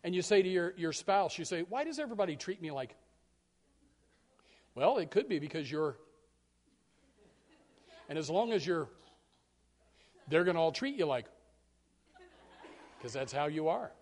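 Male pastor with a high voice, emphatic sermon delivery, word repetition, big swings from hushed to loud. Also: animated, measured pace, pauses often. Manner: emphatic preaching, repeats key words, stumbles on restarts.

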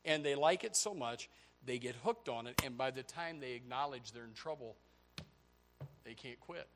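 A pastor preaching a sermon, swinging from loud, high outbursts to low, quiet stretches. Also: male voice, normal speed, a little hiss or hum. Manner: animated preaching, voice rising to near shouts and dropping low.

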